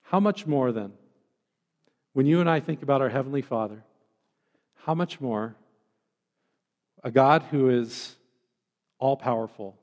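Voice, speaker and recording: A man's voice: medium pitch, measured pace, long pauses, a little mellow, long reverb tail. A man preaching a sermon as a pastor, earnest and pleading, drawing out the words he stresses.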